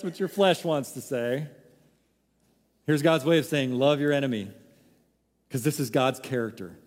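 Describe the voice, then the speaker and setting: A man's voice: mid-range voice, normal speed, long pauses, darkish tone, in a large hall. A man preaching a sermon, emphatic and full of rhetorical questions. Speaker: pastor.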